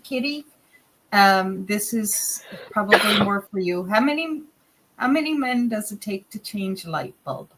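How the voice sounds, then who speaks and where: A woman talks slowly in a casual chat, her voice bright. She often stumbles and repeats words, and a faint hiss sits under her voice. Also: medium pitch, lively intonation, poor audio. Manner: stammers and repeats words, agrees a lot.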